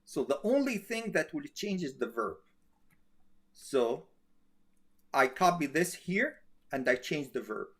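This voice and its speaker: Male teacher, slow, patient, checks understanding often. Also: on the high side, very animated, a bit bright. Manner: slow, repetitive, checks with "okay?". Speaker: Arabic grammar teacher. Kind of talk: classroom grammar lesson.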